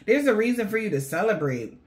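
A woman giving a casual tarot reading to her viewers, animated and slangy, swearing and laughing often. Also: mid-range voice, a little fast. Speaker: tarot reader.

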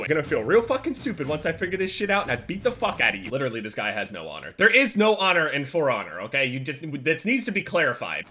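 Ranting man yelling over noisy gameplay. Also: on the high side, wildly swooping pitch, quick pace, hardly any pauses. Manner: frustrated ranting with sudden yelled outbursts; heavy swearing. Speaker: gaming video creator. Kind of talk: live gameplay commentary.

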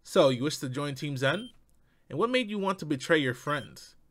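A man's voice: on the high side, very animated, normal speed, a bit bright. A man reading a stern male villain team leader's lines in a cold, threatening way. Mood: menacing.

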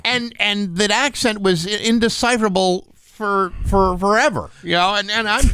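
A man's voice: sits high, steady tone, bright, forceful tone, smooth, no room sound. Dry-voiced male radio morning host. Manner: dry joking, reads the forecast with filler pauses. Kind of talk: casual radio banter. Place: radio studio. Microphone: studio microphone.

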